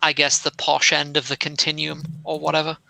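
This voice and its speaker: A man's voice: a little high, monotone, fairly quick, gravelly, pushed and bright, dry recording, low-quality recording. A young British man with a somewhat posh accent, chatting casually as a podcast co-host in a dry, wordy way. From England. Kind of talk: casual chat.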